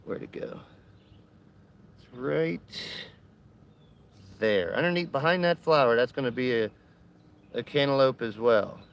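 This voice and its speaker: A man chatting casually on a live stream from his home garden, excitable and talkative. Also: medium pitch, a little slow, vocal fry, pauses often, muffled recording. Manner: excitable, chatty, cheering bees on.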